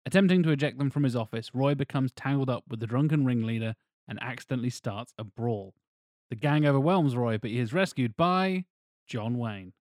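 A man's voice: mid-range voice, a little fast, a little mellow, no echo, clean studio sound. A man co-hosting a casual podcast, reading a plot aloud with wry, teasing asides. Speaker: podcast co-host. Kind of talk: casual chat.

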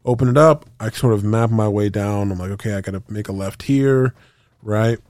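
Animated storytelling podcast man. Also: fairly low pitch, moderate pace, no echo, clean studio sound. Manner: animated, profane, acts out quotes with sound effects. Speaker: podcast co-host. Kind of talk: casual storytelling chat.

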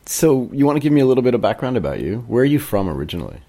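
A man co-hosting a podcast, chatting with his guest in a relaxed, friendly interview manner. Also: medium pitch, rapid-fire. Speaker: podcast co-host. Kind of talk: casual interview chat.

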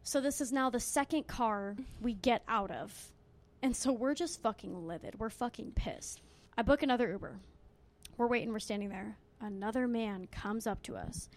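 A woman's voice: a little high, moderate pace. Young woman telling a story, swearing a lot. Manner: animated storytelling, lots of swearing and "like". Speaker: co-host. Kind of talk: casual chat.

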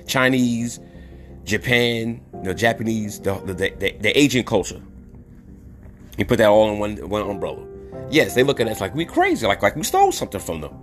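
A man's voice: mid-range voice, fairly bright tone. A man from New City, hosting a podcast monologue in a blunt way, repeating words for emphasis. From New York City. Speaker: podcast host. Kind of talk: opinionated monologue.

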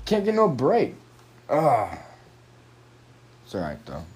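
A young man talks into his phone's microphone, swearing nonstop in a loose, rambling rant. His pitch swings up and down a lot as he vents his frustration, and his sentences keep breaking off and starting again. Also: huge pitch swings, takes it slowly, a little mellow, slightly rough. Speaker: podcaster. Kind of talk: frustrated solo podcast rant.

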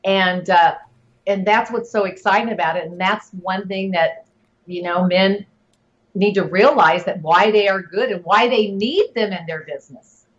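A woman's voice: mid-range voice, moderate pace, a bit bright, dull audio. A middle-aged woman giving advice as an interview guest, talking earnestly with lots of fillers. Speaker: guest, network marketing leader. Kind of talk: casual interview talk.

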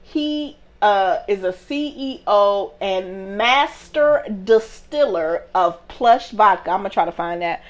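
A woman hosting a casual chat, talking in an animated, emphatic way and laughing often as she tells stories and reads out shout-outs. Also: mid-range voice, slow pace, hardly any pauses. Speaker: podcast host.

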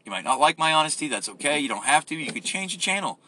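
A man's voice: fairly high pitch, very animated, fast, pushed and bright, a little hiss or hum. A man ranting casually while driving, rambling and profane, rude and crude by his own account. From United States. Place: in a car on the road.

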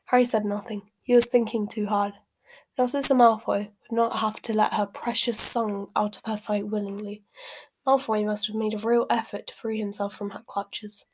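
A woman reading a novel aloud from a sheet, at an ordinary middle pitch. She trips over words now and then and corrects herself as she goes. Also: little pitch movement, normal speed, darkish tone, breathy edge. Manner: stumbles and corrects herself, laughs at slips. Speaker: reader.

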